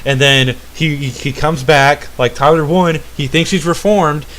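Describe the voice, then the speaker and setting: A man's voice: a little high, fairly even intonation, a little slow, fairly bright tone. A young man hosting a gaming vlog, ranting in a rambling way with constant swearing and a habit of asking "all right?". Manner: rambling, full of "uh" and restarts. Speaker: channel host. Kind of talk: profane gaming rant.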